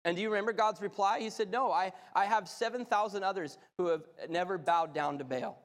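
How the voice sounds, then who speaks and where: Impassioned high-voiced male preacher, reverberant hall. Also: brisk. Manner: impassioned storytelling, rising to loud excitement. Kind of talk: sermon with Bible reading.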